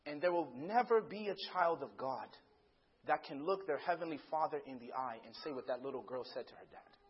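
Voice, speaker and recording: High, husky preacher swinging loud to hushed. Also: male voice, expressive, a little fast, muffled recording. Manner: dramatic swings from shouting to hushed; storytelling, acting out dialogue. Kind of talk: sermon.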